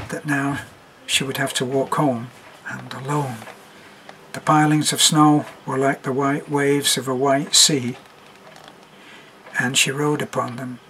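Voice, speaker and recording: A man reading a story aloud as narrator, in a measured, even manner. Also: mid-range voice, a little hiss or hum, rough recording.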